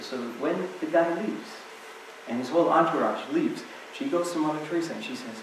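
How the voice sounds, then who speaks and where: A man's voice: on the high side, fairly quick. Man telling stories in an echoey hall. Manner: conversational storytelling. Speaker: speaker at a temple talk. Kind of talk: reflective spiritual talk with stories. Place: temple hall. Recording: echoey hall from far off, faint hiss.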